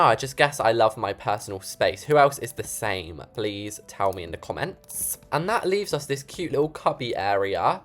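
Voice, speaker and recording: A young adult, chatting excitedly and joking at their own expense while commentating on a building game. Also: medium pitch. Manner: chatty, excitable, self-deprecating. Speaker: gaming YouTuber.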